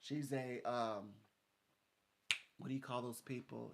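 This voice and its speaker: Heavy background noise surrounds a psychic reader's casual, rambling chat with a client, in which he laughs often and acts out quoted speech. He talks slowly at a medium pitch, with vocal fry.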